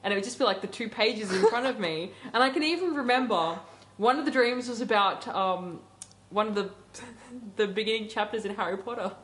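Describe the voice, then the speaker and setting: A woman's voice: medium pitch, brisk, fairly bright tone. A young woman co-hosting a casual radio chat show, telling a story animatedly and laughing often.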